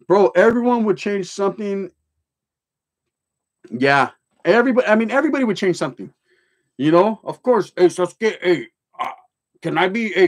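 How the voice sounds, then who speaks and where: On a casual livestream, a middle-aged host with a slightly high voice reads viewer comments out loud. He's a blunt storyteller who swears heavily and uses streetwise slang sprinkled with Spanish, moving from jokes to seriousness.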